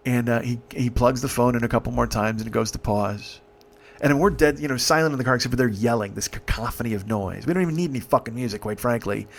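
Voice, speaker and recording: A man's voice: medium pitch, fast talker, gravelly. A man in his forties, a comedian, telling a rambling, profane, exasperated comic story. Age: 40s. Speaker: comedian host.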